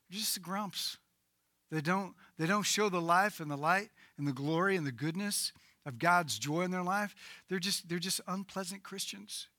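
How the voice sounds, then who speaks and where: Bright, dry-voiced male preacher. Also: dry recording. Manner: dynamic preaching, swinging between loud emphatic bursts and low quiet passages. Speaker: pastor. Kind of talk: sermon.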